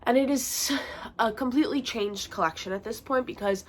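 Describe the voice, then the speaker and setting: A woman's voice: fairly high pitch, normal speed. A young woman with a nasal, congested voice from a bad cold, chatting casually in a home vlog with lots of fillers. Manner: chatty, rambling, with frequent fillers. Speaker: vlogger. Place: bedroom at home.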